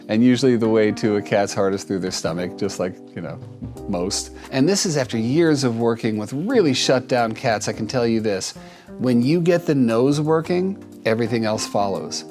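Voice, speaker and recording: A man hosting an advice show, talking casually and warmly about a shy cat, often repeating and restarting words as he gets emotional. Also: medium pitch. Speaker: cat behaviorist host reviewing a viewer video. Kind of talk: casual advice talk to camera.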